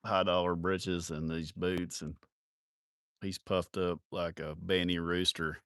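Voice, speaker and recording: Guy telling wild bar stories, swears a lot, laughs thru them, kinda low voice, dry no room sound. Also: little pitch movement, slow pace, a bit bright, clean tone, no room sound. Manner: rowdy, profane, laughing through his stories. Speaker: live streamer telling stories. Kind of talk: casual storytelling.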